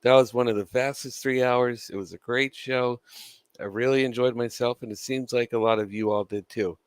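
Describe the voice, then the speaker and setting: A man's voice: medium pitch, steady tone, normal speed, clean tone, dry recording. A man chewing gum with a dry mouth, giving casual, opinionated commentary as a wrestling news vlogger, swearing freely and laughing between points.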